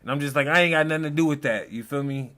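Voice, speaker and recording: A man's voice: on the high side, rapid-fire, a bit bright, a little hiss or hum. A young man hosting a casual reaction chat, telling a story in loose slang and acting out the quotes. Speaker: host.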